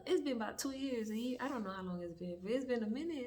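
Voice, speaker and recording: A woman's voice: fairly high pitch, animated, fast, a little mellow. A young woman telling a storytime in a laid-back, rambling way, swearing freely and acting out dialogue. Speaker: vlogger. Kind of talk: casual storytime.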